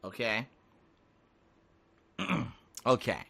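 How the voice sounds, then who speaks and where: A man's voice: mid-range voice, sing-song, very slow, vocal fry, sharp tone, breathy edge. Heated, foul-mouthed male streamer. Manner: heated, profane ranting. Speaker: live streamer. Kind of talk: unscripted stream talk to chat.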